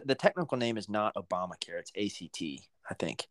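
A man's voice: on the low side, fairly quick, hardly any pauses, no echo, clean studio sound. A young man co-hosting a podcast, joking and chatting casually, often saying dude. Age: young adult. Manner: animated, joking, says dude a lot. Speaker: podcast co-host. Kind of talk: casual chat.

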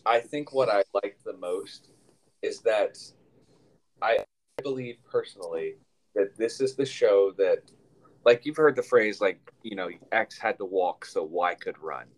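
A man's voice: on the low side, unhurried, rough recording. A man co-hosting a casual podcast, talking in a rambling, chatty way with many fillers and restarts. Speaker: podcast co-host.

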